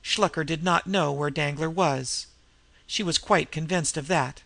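A male audiobook narrator with a gravelly, bright-toned voice, telling the story in a measured, even way. The recording is dry and close. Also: a little high, no echo.

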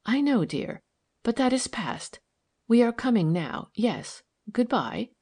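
A woman reading an audiobook, voicing a gentle, eager wife who talks breathlessly and tenderly. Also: fairly low pitch, lively intonation, normal speed, slightly rough.

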